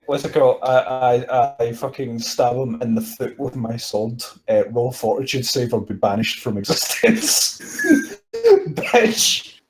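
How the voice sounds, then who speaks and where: A man's voice: mid-range voice, lively intonation, a little slow, noisy background. A man playing a tabletop game, joking crudely and animatedly. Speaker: player. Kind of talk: casual tabletop play.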